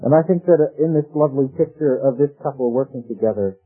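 A man's voice: medium pitch, fast. A man preaching a sermon in a conversational way, with rhetorical questions and quoted scripture. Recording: tinny phone-like old radio broadcast with faint music.

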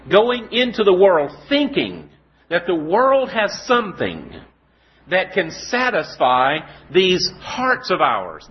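Male preacher, sermon delivery, animated pitch, dull lo-fi recording. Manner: storytelling, rhetorical questions, slow emphatic scripture reading.

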